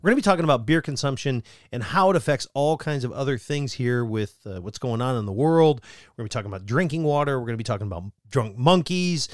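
A man co-hosting a talk radio show who tells excitable stories and quotes movies. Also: mid-range voice, fast talker, dry recording, studio quality. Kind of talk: casual banter with co-host.

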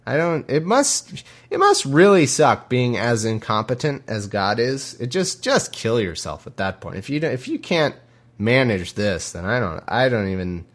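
Man, sarcastic, irreverent, halting restarts, lively swooping pitch, middle pitch. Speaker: podcast host reading scripture. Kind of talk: casual commentary with readings.

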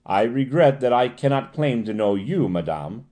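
A man's voice: mid-range voice, big pitch swings, moderate pace, close to an everyday voice. A man reading a courteous old-world professor. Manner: polite, gentle. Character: courteous learned male professor.

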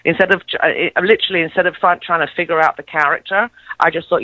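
English actress with a mid-Atlantic accent. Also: female voice, fairly low pitch, fast talker, no echo. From England. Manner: animated storyteller, many fillers and restarts. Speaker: actress guest. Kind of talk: casual interview chat. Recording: dull, dry lo-fi recording.

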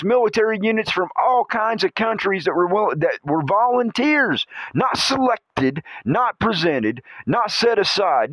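A man's voice: high voice, fairly bright tone, no room sound, poor audio. A man hosting a comedy podcast, telling a rambling, cursing story, laughing often and humming movie music. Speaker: podcast host. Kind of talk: comedic monologue.

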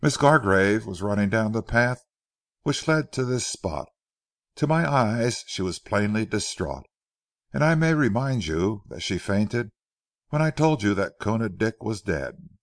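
A man reading as a steady police corporal in an old adventure story, speaking quietly and deliberately. The voice is low and gravelly, and the recording is close and dry. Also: no room sound.

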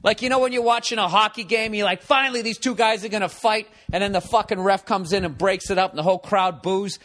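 A man spins a rambling, profanity-laced story as a podcast host, his voice sitting a bit high for a man. The sound is close and dry, with no room around it. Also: fairly bright tone, no room sound. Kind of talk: casual comedic monologue.

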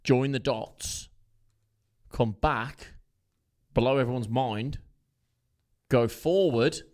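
A man's voice: medium pitch, drawn-out words, a little mellow. A man co-hosting a podcast in casual chat, joking and swearing. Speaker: podcast co-host.

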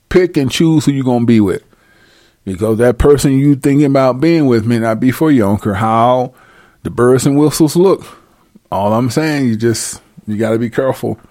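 A man's voice: mid-range voice, moderate pace, darkish tone, no echo, studio quality. A man ranting comedically to his viewers, profane and slangy, breaking into laughter often. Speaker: commentator. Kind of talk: comedic rant to camera.

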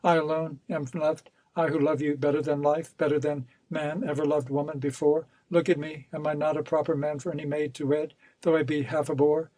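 A man's voice: fairly high pitch, little pitch movement, a little fast, hardly any pauses, dark tone, dry recording, lightly acted. Male narrator voicing a ruthless storybook villain: cold, insistent, wheedling; dry close recording. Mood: villainous. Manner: cold and insistent, turning coaxing. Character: scheming, ruthless male villain, pleading and menacing.

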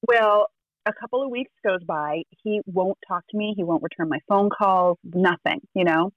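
A woman's voice: medium pitch, normal speed, dry recording, muffled recording. A woman tarot reader telling a story in casual chat, acting out the quotes and laughing often.

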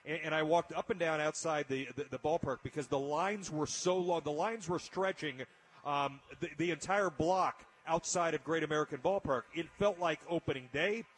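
A man's voice: fairly high pitch, moderate pace. A man hosting a casual radio talk show, telling an emotional story with frequent restarts. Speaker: radio host.

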